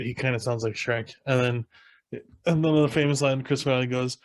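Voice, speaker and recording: A man's voice: medium pitch, fairly even intonation, brisk, no room sound. A young adult man co-hosting a podcast, easygoing and agreeable, chiming in often. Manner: easygoing, agreeing, short backchannels. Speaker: podcast co-host. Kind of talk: casual chat.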